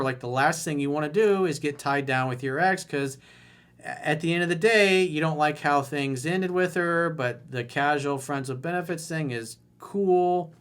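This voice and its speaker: A man's voice: on the high side, fairly bright tone. A man coaching on dating in a solo monologue, blunt, mocking and profane.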